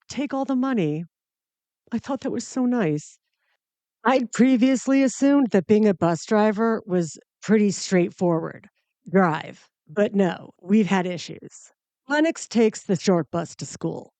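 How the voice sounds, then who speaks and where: A woman hosting a comedy podcast, spinning a story in a wry, self-mocking way and blowing things up for laughs. Her voice sits at a mid pitch and sounds close and dry, with no room echo. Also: expressive, a little slow, warm tone. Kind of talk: comic storytelling monologue.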